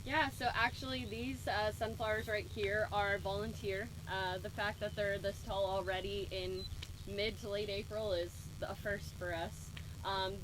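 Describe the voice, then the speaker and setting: A young woman explains her farm in a friendly, informative way. Her pitch sits in the middle for a woman. Clear outdoor noise is audible behind her voice. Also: steady tone, a little slow. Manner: friendly, informative, laughs easily. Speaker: farm owner guest. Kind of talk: casual interview answers.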